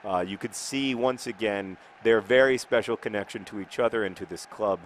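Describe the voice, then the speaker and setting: A man's voice: lowish voice, moderate pace, slight background noise. A man giving casual, rambling commentary while playing a football video game, with wry, mock-outraged asides. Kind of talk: casual let's-play commentary.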